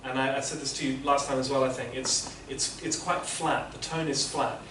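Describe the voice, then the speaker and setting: A man's voice: medium pitch, steady tone, normal speed, background noise. A man teaching interpreting, giving patient, explanatory feedback to students in a classroom. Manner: patient, explanatory, many restarts. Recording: echoey classroom from far off.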